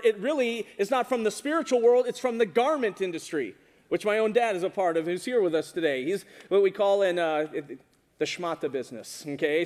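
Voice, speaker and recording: A man preaching a sermon to a congregation, animated and often asking them questions. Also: sits high. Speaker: pastor. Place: church hall with congregation. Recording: reverberant hall.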